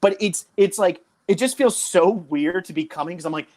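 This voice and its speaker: A man's voice: sits high, brisk, hardly any pauses, darkish tone. A young man from New Jersey co-hosting a podcast, talking casually and enthusiastically with lots of fillers. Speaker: podcast co-host.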